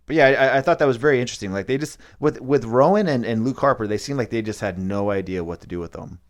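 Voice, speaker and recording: A man hosting a podcast in casual chat, talking in a relaxed way with lots of fillers. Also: medium pitch. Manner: relaxed, drawn-out with fillers like uh and you know. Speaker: podcast host.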